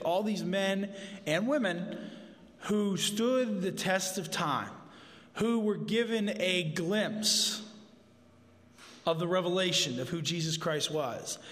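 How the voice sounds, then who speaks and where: Male preacher, slightly high voice, casual conversational delivery with jokey asides, long church reverb. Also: fairly bright tone. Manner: informal, with asides and humor. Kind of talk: conversational sermon. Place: church sanctuary.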